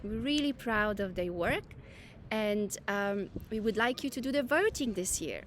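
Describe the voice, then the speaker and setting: A woman's voice: mid-range voice, lively intonation, measured pace, slight background noise. A woman teacher making an encouraging announcement to pupils at a school assembly, speaking directly to the children.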